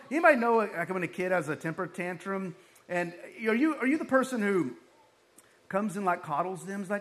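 A male pastor preaching a lively sermon, with joking asides and acted-out quotes. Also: high voice.

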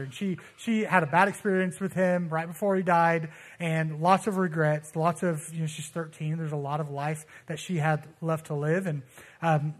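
A young man preaching a casual, animated sermon, telling stories in a slangy way and acting out the voices he quotes. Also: fairly high pitch.

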